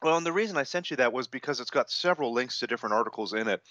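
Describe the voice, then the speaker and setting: A man's voice: mid-range voice, expressive, very fast, fairly bright tone. A male tech correspondent talking casually and a little ramblingly, voice in a middle range. His sound is dull and lo-fi, as if from a remote line. It is dry, with no room echo. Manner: easygoing, conversational, slightly rambling. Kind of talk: casual tech talk chat.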